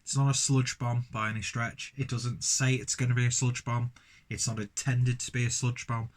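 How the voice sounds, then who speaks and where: A man casually reviewing a beer, rambling with lots of fillers and restarts. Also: medium pitch.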